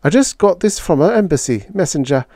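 A man's voice: high-pitched, wildly swooping pitch, moderate pace, darkish tone, no echo, clean studio sound, pitched above the performer's own voice, heavily acted. A man voicing an anxious older woman scientist who speaks breathlessly, in a storybook reading. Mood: urgent.

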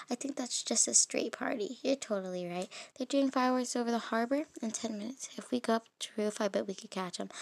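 A woman's voice: on the high side, creaky, no room sound. A woman reading the lines of an adult male neighbor in a game story, with a dry, self-deprecating manner. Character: grumbling adult man, struggling neighbor.

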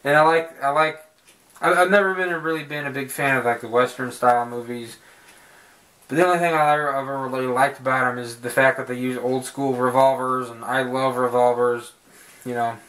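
A man giving a casual home video review of a film, rambling and jokey, swearing often and filling pauses with "uh" and "um". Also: mid-range voice, steady tone, fairly bright tone. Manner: rambling, profane and jokey, with frequent fillers. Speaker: movie reviewer.

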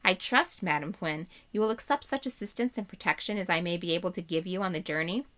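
A woman's voice: on the low side, fast, sharp tone. Teacher lady doing a big proud talking warhorse, hearty and a bit bossy, storybook read-aloud. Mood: lecturing. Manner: hearty, self-assured, lecturing. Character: proud, talkative male war horse.

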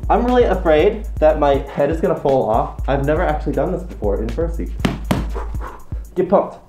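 A man's voice: fairly high pitch, animated, normal speed, over music. A young man doing dares in a playful, casual vlog, talking through a costume head. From England, raised in United States. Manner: playful, self-amused, talks through a fursuit head. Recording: echoey room.

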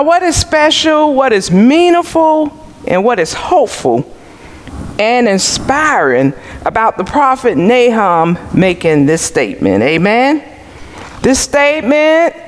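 A male pastor preaching a sermon in a slow, measured way, asking the congregation questions and waiting for their answers. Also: very high-pitched. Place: church sanctuary. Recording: church sanctuary with long reverb.

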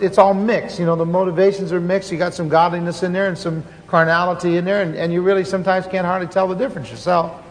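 Male pastor, high voice, earnest storytelling sermon with restarts, conference hall echo, faint hiss.

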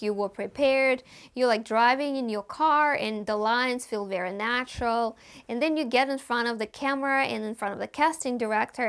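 A young woman with a Russian accent, a native Russian speaker, chatting to camera in a casual vlog in an upbeat, confiding way. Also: on the high side. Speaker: vlogger and actor.

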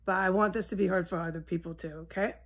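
A woman rambling alone at home in a solo monologue, swearing often and drifting between low mutters and heated outbursts. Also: fairly even intonation, fast. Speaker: vlogger. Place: at home, indoors with a window open.

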